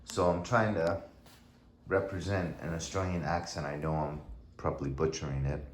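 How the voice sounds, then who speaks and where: A man's voice: extremely low pitch, slight background noise. A middle-aged man casually reviewing gear in a vlog, rambling and drifting off on tangents.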